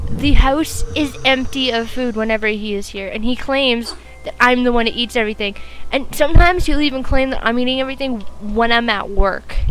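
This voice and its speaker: A woman's voice: on the high side, a bit bright, rough recording. A woman chatting casually over gameplay, telling a rambling, exasperated story full of fillers. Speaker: let's play gamer.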